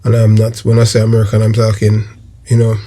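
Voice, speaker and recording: A man's voice: fairly low pitch, monotone, quick pace, warm tone. A Jamaican man hosting a crime news vlog, talking emphatically and repeating phrases for stress. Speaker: crime news channel host. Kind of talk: commentary vlog.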